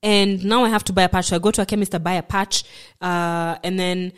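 A woman, a podcast guest, telling a personal story in a halting way, repeating words and acting out what others told her. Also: on the low side, fairly even intonation, clear, resonant tone.

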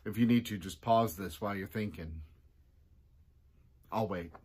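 A husky, darkish-toned man at a measured pace: he's a pastor delivering a chatty, casual devotional talk, acting out quotes with big, sudden leaps in his voice.

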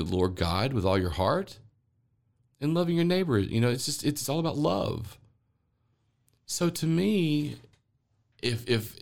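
A man's voice: mid-range voice, gravelly, a little mellow. A man hosting a podcast, talking through spiritual ideas in an earnest, rambling way and often repeating words as he thinks aloud. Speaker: podcast host. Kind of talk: spiritual monologue.

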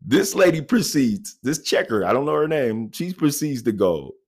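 A man's voice: medium pitch, sing-song, normal speed. A man casually telling a personal anecdote in a laid-back, slangy way, often laughing and checking in with "you know what I mean". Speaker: storyteller.

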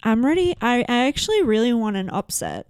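A woman's voice: on the high side, big pitch swings, brisk, clean tone, no echo, studio quality. A woman co-hosting a podcast in casual chat, laid-back and wry, with many short agreeing replies. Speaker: podcast co-host.

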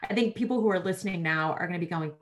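A woman's voice: on the low side, very fast, slight background noise. Woman on a podcast telling work stories, lots of "like", acts out what people said. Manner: animated storyteller, acts out quoted voices, frequent "like". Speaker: podcast guest. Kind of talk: casual interview storytelling.

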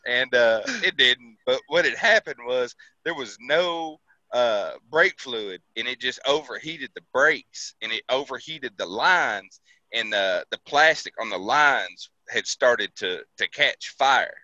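A man's voice: medium pitch, animated, slow pace, sharp tone, no echo, muffled recording. A man casually telling a profane army story, laughing and acting out the people he quotes. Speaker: veteran telling army stories.

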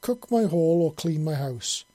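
A wry older fisherman brags and teases in a jaunty, raised voice, as a male narrator puts him on. The tone is mellow and a little husky. It sounds dry and close, like a home storybook reading. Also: a little high, lively intonation, measured pace, no room sound. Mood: cocky. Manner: jaunty and boastful.

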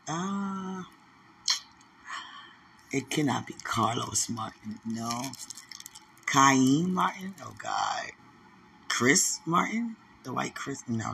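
A man giving an emotional live prophetic word of encouragement, repeating phrases and rising into excited exclamations. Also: gravelly, a little hiss or hum. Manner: emotional, repetitive, building to excited high exclamations.

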